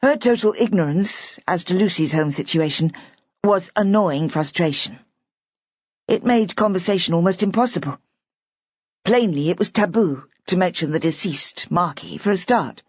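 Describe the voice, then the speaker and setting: A woman narrating an audiobook mystery with measured, expressive storytelling. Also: fairly low pitch, slightly rough, no echo. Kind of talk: scripted narration. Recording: dull, dry lo-fi audiobook recording.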